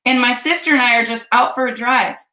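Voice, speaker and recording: A Kansas woman in her fifties hosts a vlog, chatting animatedly as she shares a personal story with her viewers. Her voice is a little high and quick with a sharp tone, and the recording has a roomy echo.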